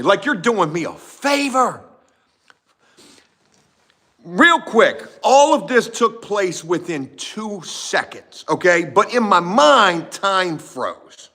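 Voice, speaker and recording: A man with a bright, lively, fairly high voice tells a work story to his viewers. He swears freely and is animated, swinging from loud outbursts to low grumbles. The telling is casual and loose. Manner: animated, profane, shifts from shouting to muttering. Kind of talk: casual storytelling to a live chat.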